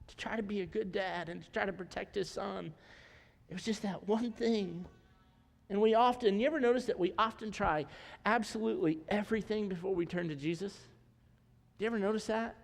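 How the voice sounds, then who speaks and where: A man's voice: high voice, brisk, gravelly, big-room sound. A male pastor giving a conversational sermon in a church, mixing preaching with humorous asides. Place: church sanctuary.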